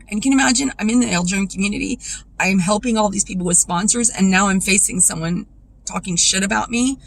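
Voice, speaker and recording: A woman vlogger speaking in a raw, emotional personal monologue, confessional and tearful, her voice dropping low when upset. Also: a little hiss or hum, rough recording.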